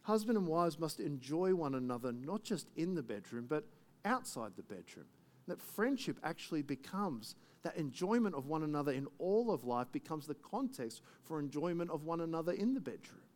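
A man's voice: a little high, sing-song, normal speed, darkish tone. Man preaching in a chatty, conversational way. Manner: conversational, asides and rhetorical questions. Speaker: pastor. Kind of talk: sermon.

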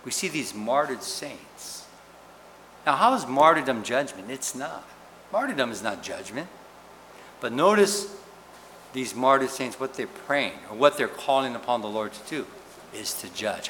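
A man preaching a sermon in an animated, questioning way, often checking in with "right?". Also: mid-range voice, normal speed, pauses often. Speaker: pastor. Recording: reverberant hall with faint noise.

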